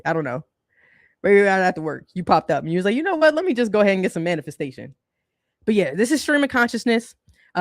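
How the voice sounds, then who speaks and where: A woman's voice: mid-range voice, no echo. Casual woman livestream host, dry close sound. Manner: conversational, colloquial, laughs often.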